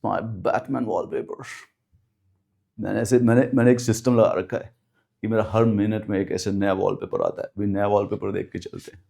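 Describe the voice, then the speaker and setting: A man with an Indian English accent teaching an exam-prep lesson on a live stream, switching rapidly between Hindi and English in a chatty way. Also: fairly low pitch, fairly even intonation, vocal fry, warm tone.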